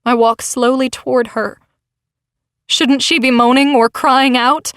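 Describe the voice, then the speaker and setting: A woman's voice: high-pitched, steady tone, unhurried, fairly bright tone, smooth, dry recording, clean studio sound. A woman narrating a novel in the first person with dramatic, tense storytelling. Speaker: audiobook narrator.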